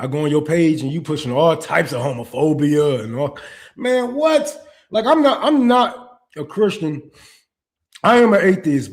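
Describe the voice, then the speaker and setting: A man's voice: mid-range voice, darkish tone. A man hosting a political commentary stream, ranting with profanity and rhetorical questions. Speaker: podcast host.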